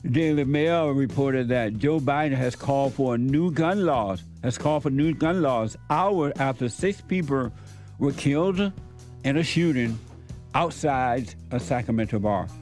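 A man's voice: medium pitch, expressive, unhurried, darkish tone, soft background music. An older man hosting a radio talk show, preaching his opinions in an emphatic, repetitive way.

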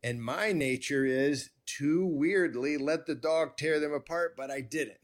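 A man hosting a conversation, telling a personal story in a rambling, animated way with many restarts. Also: a little high, unhurried. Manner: rambling, self-interrupting, animated. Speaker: podcast host.

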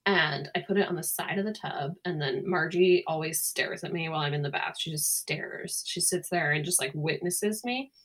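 Here a young woman co-hosting a podcast spins a lively tale in relaxed conversation, acting out each quote. She speaks in a deep voice at a moderate pace with few pauses.

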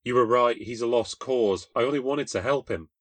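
A man's voice: medium pitch, normal speed, no room sound, voice pushed up, natural voice. A man voicing an upset young woman who has been crying, pleading down a phone line. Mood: tearful, pleading.

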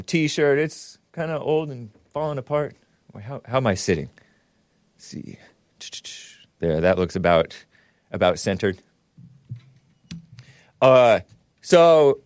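A man's voice: mid-range voice, very animated, takes it slowly, pauses often, no echo. Rambling sarcastic male stream host. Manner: rambling, sarcastic, with frequent self-corrections and asides. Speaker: show host. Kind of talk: casual live-stream political commentary.

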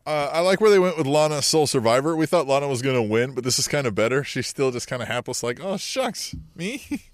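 A man's voice: medium pitch, quick pace, no room sound, clean studio sound. A man co-hosting a podcast, chatting casually and wryly about wrestling with a joking, loose manner. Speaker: podcast co-host.

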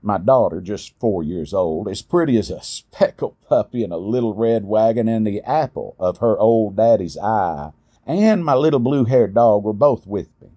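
Folksy middle-aged guy telling a story, husky voice, lots of ups and downs in pitch. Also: expressive, normal speed, dark tone. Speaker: storyteller, podcast host. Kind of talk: storytelling narration.

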